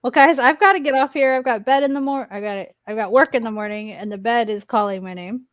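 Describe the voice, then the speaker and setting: A woman's voice: fairly high pitch, quick pace, dry recording, dull audio. A woman from the American South co-hosting a casual podcast, giggling often. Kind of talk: casual chat.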